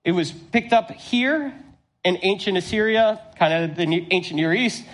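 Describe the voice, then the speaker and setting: A man in his thirties with a high, light voice preaches to his congregation. He tells stories with animated, self-deprecating humor, then slows down to read scripture. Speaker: pastor. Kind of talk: sermon.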